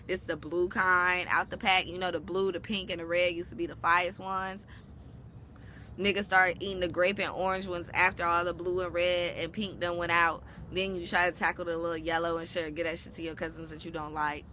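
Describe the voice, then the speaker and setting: Bright-voiced young woman telling a profane story. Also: lowish voice, fairly quick, a little hiss or hum. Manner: animated, profane, slangy storytelling. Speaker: vlogger. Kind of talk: casual storytime.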